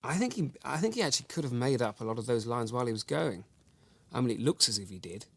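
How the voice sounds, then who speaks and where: A pompous male luvvie actor who lectures about his craft. He speaks mid-pitch, with a condescending tone and lots of hesitant ums. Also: animated, fast, creaky, fairly bright tone. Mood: self-satisfied. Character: self-important male actor, luvvie know-it-all. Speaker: actor being interviewed. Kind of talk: mock documentary interview.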